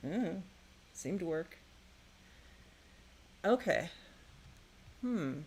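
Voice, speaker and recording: Musing to herself as she makes and playtests her own game, a woman talks very slowly in a lowish, slightly mellow voice with lively intonation. The casual think-aloud has a curious, tinkering feel, and there's a little hiss or hum in the recording.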